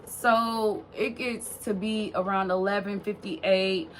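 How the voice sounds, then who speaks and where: A woman's voice: medium pitch, fairly even intonation, slow pace, fairly bright tone, a little hiss or hum. A young woman vlogger telling a long personal story in a casual, rambling way, full of fillers and swearing.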